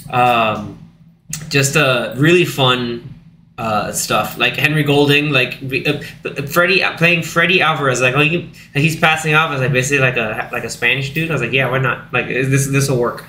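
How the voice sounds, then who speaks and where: Animated bright-voiced young man, echoey room. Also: normal speed. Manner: animated, acts out characters in high put-on voices, many fillers. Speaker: podcast co-host. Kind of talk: casual movie discussion. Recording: echoey room with faint background noise.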